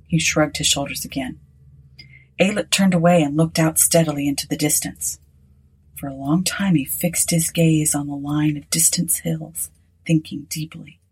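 A woman narrating a story in a measured, unhurried way with a breathy voice. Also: low voice, steady tone, darkish tone, poor audio.

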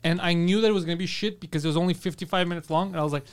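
A man's voice: sits high, rapid-fire, clean tone. A man hosting a comedy podcast, rambling through crude stories in casual chat and acting out the scenes. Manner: crude, rambling storyteller who acts out scenes.

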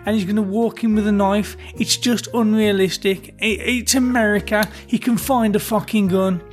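A man's voice: sits high, fairly even intonation, moderate pace, soft background music. A man co-hosting a podcast, talking casually and bluntly, swearing freely. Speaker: podcast co-host. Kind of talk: casual chat.

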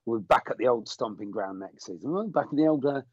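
A man's voice: medium pitch, animated, a little fast, breathy edge, no room sound. A man co-hosting a podcast in casual chat, reading out listener messages. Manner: chatty, reads out listener messages. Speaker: podcast co-host. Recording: dry, slightly muffled lo-fi recording.

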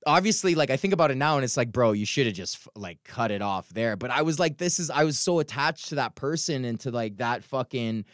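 A man's voice: mid-range voice, expressive, no echo. Profane, rambling young man, dry close sound. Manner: frank, profane, halting with many restarts. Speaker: podcast host. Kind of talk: casual rambling monologue.

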